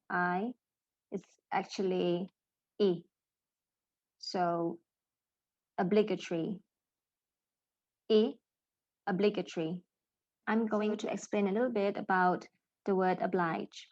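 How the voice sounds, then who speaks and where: A woman in her thirties teaching an English pronunciation lesson, speaking deliberately and enunciating each model sound clearly for learners to repeat. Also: medium pitch, darkish tone, muffled recording. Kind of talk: slow, careful pronunciation lesson with drills.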